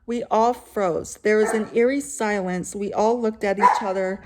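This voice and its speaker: A woman's voice: medium pitch, steady tone, moderate pace, heavy background noise. A woman reading a scary story aloud, stopping now and then for casual asides. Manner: reads steadily, breaks off for casual asides.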